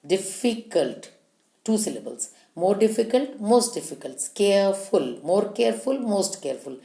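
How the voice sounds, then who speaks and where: A woman teaching a grammar lesson, slowly listing word forms and spelling out letters one by one. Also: medium pitch, sing-song, creaky, mellow. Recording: echoey room.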